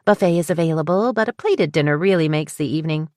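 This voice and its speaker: A woman's voice: low-pitched, fast talker, a little mellow, no room sound, clean studio sound, lightly acted. A woman voicing a petite, bubbly wedding planner with a southern drawl who is eager to please. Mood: cheerful. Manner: upbeat, chatty, eager to please.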